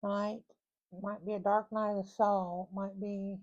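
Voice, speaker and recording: A woman's voice: mid-range voice, flat delivery, a little slow, a little mellow, lo-fi sound. A woman giving a casual tarot reading to her viewers, chatty and folksy, thinking aloud as she lays out cards. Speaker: tarot reader.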